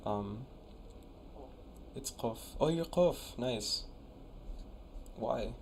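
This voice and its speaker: A young man in college speaks slowly and expressively in a medium-pitched voice with vocal fry, over a little hiss or hum. Laid-back and chatty on his live stream, he reviews viewers' conlangs, reading their messages aloud and trying out the invented words.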